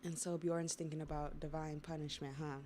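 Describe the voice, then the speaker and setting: A young woman livestreaming, reading a comic aloud and reacting in casual slangy chat, quick to get excited. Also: deep voice, a little hiss or hum. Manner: slangy and excitable, says bruh and y'all.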